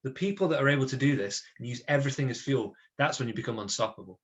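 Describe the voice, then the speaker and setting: An energetic man leads a motivational webinar at a middling pitch. He talks in a chatty way and keeps checking in with his listeners with tag questions. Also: quick pace, dull audio. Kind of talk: lively talk to an online audience.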